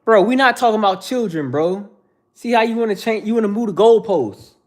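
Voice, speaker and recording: Speaking briskly with lively intonation, a thirty-something man whose voice sits high hosts a livestream. He lectures his chat viewers bluntly in a casual rant full of repetitive slang.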